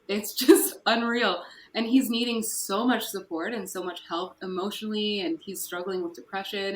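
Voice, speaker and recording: A woman's voice: medium pitch, a bit bright. Candid woman in an echoey room. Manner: candid, emotional, with nervous laughs. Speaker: podcast guest. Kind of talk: personal story in an interview. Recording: echoey room with faint noise.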